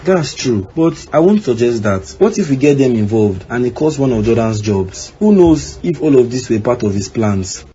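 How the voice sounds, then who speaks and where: Man doing a defensive cartoon husband, mellow voice, faint hiss. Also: mid-range voice, big pitch swings, moderate pace, few pauses, close to an everyday voice. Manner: defensive, evasive. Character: evasive young husband named King. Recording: slightly dull with faint background noise.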